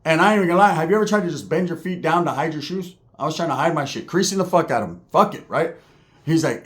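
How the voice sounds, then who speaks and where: A man in his forties telling a street story in a profane, slangy, animated way. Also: on the high side, fast talker.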